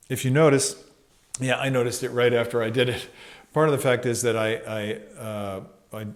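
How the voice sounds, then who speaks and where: A man giving a casual trumpet lesson, thinking aloud with fillers and sometimes singing syllables to show phrasing. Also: medium pitch. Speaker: trumpet teacher.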